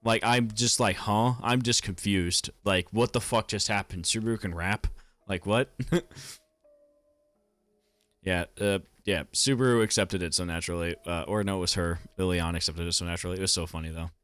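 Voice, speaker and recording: A man's voice: sits low, steady tone, normal speed, a bit bright, dry recording. A young man giving casual anime commentary, rambling with lots of fillers and casual swearing.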